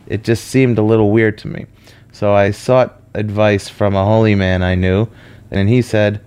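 A man's voice: lowish voice, little pitch movement, moderate pace, darkish tone, smooth, soft background music. Man telling a comic personal story. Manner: conversational, self-deprecating.

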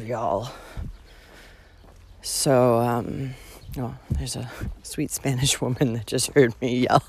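A woman's voice: extremely low pitch, steady tone, slow pace, pauses often, a little mellow, husky. A young woman ranting with profanity as she walks outdoors on a hiking trail, recording her own vlog. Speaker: podcast host hiking the Camino. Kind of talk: ranting walk-and-talk vlog.

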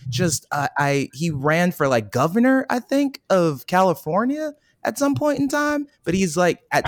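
Lively, bouncy-voiced man gushing. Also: high-pitched, unhurried, no echo, clean studio sound. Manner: bubbly, gushing and giggly. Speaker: podcast co-host. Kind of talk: casual chat.

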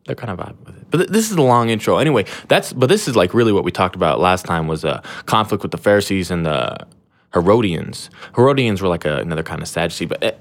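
Deep-voiced man rambling casually. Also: animated, fast talker. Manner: rambling, slangy, full of fillers and restarts; irreverent and self-deprecating. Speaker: podcast host. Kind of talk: casual chat.

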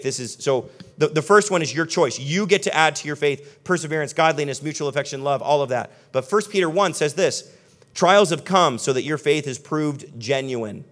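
A young man preaching a sermon as pastor, talking animatedly and conversationally, then dropping to soft, earnest tones. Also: fairly high pitch. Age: young adult.

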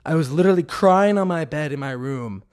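A man's voice: a little high, brisk, darkish tone, smooth. A man telling an earnest, confessional faith testimony, often restarting his sentences.

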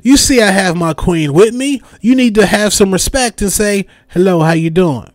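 A young man hosts a podcast and delivers a comedic rant packed with repeated catchphrases and mimicked voices. His voice sits high, he talks at normal speed, and the recording is dry and of studio quality.

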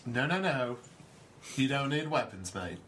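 A man voicing a smug, menacing male bandit in a tabletop role-play, drawling his threats slowly. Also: medium pitch, lively intonation, fairly bright tone, a little hiss or hum. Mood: dismissive. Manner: slow, taunting, drawled.

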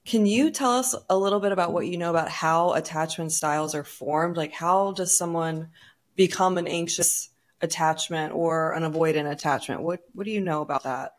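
A woman with a notably low voice hosts the podcast, asking open, curious questions. She listens attentively and answers with brief affirmations. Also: normal speed. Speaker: podcast host. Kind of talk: interviewing, brief reactions.

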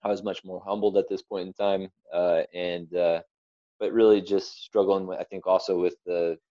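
Young man, very low and mellow, earnest and rambling; dull, dry lo-fi sound. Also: level tone, normal speed, no room sound. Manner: earnest, rambling storyteller with restarts. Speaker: interview guest. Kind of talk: personal testimony.

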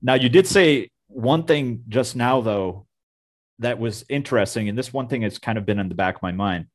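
A man's voice: mid-range voice, moderate pace. A man interviewing a guest, asking long rambling questions full of "like" and "you know". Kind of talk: casual interview.

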